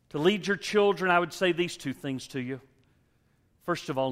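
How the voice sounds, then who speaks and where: A male pastor preaching a sermon and leading a closing prayer, emphatic, swinging from loud exhortation to hushed tones. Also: fairly high pitch, normal speed. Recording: long hall reverb.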